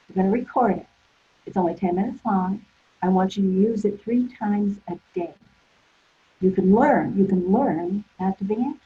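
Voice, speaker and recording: A woman's voice: medium pitch, slightly rough. A woman therapist guest telling stories in a rambling way, full of restarts. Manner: rambling, with many restarts and fillers. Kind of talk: conversational storytelling. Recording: tinny phone-like line.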